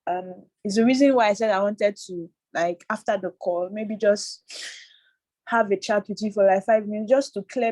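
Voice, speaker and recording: A woman from Nigeria talks on a video call, and she keeps stopping and restarting as she gets tearful. Her voice sits at an ordinary middle pitch. The sound is dry and close, with no room echo. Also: fairly even intonation, a little mellow. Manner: halting, tearful, many restarts. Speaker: workshop participant. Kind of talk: emotional personal sharing on a video call.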